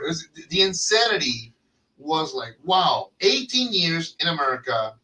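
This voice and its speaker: A man hosting a casual talk show, telling stories in an animated way and swearing freely as he acts out quotes. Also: high-pitched, moderate pace. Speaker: podcast host. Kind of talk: casual storytelling chat. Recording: distant mic with faint noise.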